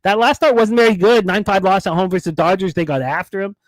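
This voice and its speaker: Slightly high-voiced man hosting a sports betting show. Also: quick pace, dry recording. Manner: rambling, reads stats and tells comedy stories. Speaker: sports betting radio host. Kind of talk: casual sports betting talk.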